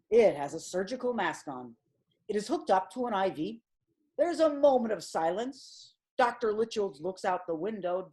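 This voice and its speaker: A woman narrating stage directions for a comedic audio drama in a dry, deadpan way. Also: medium pitch.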